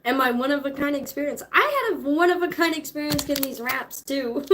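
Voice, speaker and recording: A woman's voice: high voice, animated, brisk, fairly bright tone, a little hiss or hum. A woman in her twenties chatting casually with viewers, laid-back and slangy, laughing often. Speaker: streamer. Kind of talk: casual chat.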